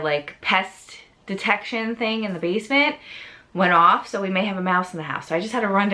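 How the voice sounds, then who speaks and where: Book vlogger: New York woman, 30s, chatty and gushing, bright edge to the voice. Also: mid-range voice. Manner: chatty, gushing, rambling, laughs often. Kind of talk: casual chat.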